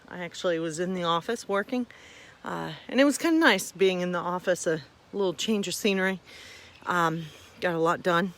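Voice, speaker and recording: A woman's voice: fairly low pitch, fairly bright tone. Chatty, rambling woman pastor at home. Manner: rambling, self-deprecating, chatty with fillers. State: a little out of breath. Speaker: pastor hosting a bedtime story stream. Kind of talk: casual chat to viewers.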